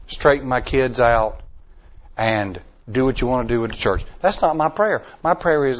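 A man's voice: mid-range voice, normal speed. Man preaching a dramatic sermon. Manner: dramatic swings from hushed to near-shouting; folksy, repeats lines for emphasis. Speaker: pastor.

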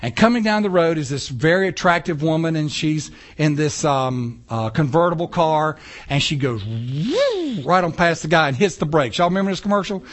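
Standing at the pulpit of a church sanctuary, a male pastor gives a fairly quick, animated sermon. His voice is high for a man, and he peppers the talk with rhetorical questions and offhand comments to the people in the pews.

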